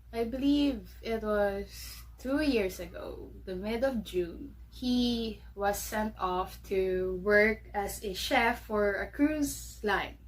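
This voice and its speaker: A woman with a Filipino accent hosting a casual solo podcast from her bedroom, chatty and bubbly with frequent laughter. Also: mid-range voice. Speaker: podcast host.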